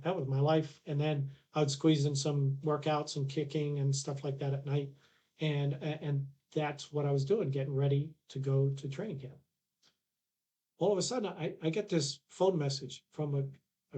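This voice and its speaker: A man's voice: a little high, warm tone. A man, a podcast guest telling a long anecdote with restarts and acted-out dialogue. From Canada. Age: 60s. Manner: rambling anecdotes with restarts, acts out quoted dialogue. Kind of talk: casual storytelling.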